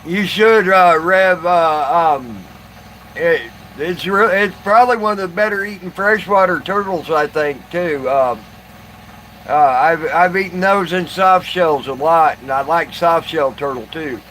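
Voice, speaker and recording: A man talks slowly to his live stream viewers, his slightly high voice stumbling through fillers and restarts. A faint idling engine hums in the background. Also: fairly bright tone, a little hiss or hum, low-quality recording. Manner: halting, many fillers and restarts. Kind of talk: casual live stream chat.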